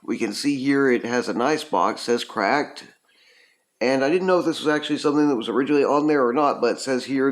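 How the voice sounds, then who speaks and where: A man's voice: mid-range voice, a little fast. A man casually reviewing a retro video game, rambling with lots of ums and uhs. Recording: roomy echo.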